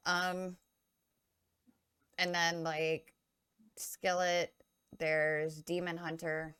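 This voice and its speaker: A woman with a notably low voice chats loosely on a podcast, wandering off her point and correcting herself as she goes. The sound is close and dry, with no room around her. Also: flat delivery, extremely slow, fairly bright tone, smooth, dry recording. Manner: rambling, loses her train of thought; filler-heavy, self-correcting. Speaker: podcast co-host. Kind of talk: casual live-stream chat.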